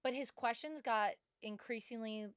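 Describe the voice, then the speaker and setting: A woman's voice: fairly high pitch, moderate pace, dry recording, clean studio sound. A young woman co-hosting a podcast, telling a story animatedly and acting out the dialogue. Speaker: podcast co-host. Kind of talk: casual chat.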